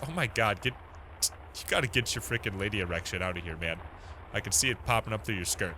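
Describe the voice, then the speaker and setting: A man's voice: fairly low pitch, animated, fast talker, bright, forceful tone, slight background noise, rough recording. A man giving casual let's-play commentary, joking crudely and reacting as he plays. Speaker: gameplay commentator.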